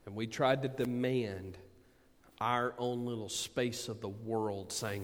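A man preaching a sermon, swinging from booming emphasis to quiet asides. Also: steady tone, slow. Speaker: pastor. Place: church sanctuary. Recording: long hall reverb.

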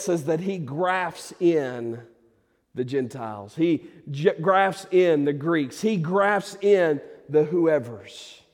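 A male pastor preaching a sermon, swinging from loud emphatic declarations to quiet, intimate appeals to the congregation. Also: mid-range voice. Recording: long hall reverb.

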